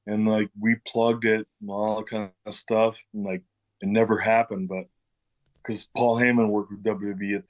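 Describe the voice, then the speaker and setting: A man's voice: on the low side, poor audio. A middle-aged man, a former pro wrestler, telling stories in a casual interview, swearing freely and acting out what people said. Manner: loose, swearing, acts out quoted dialogue.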